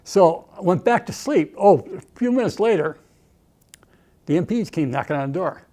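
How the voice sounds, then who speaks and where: A man's voice: high voice, expressive, moderate pace, dark tone. An older man, an Army veteran, reminiscing emotionally in a documentary interview, often saying "okay" and "you know".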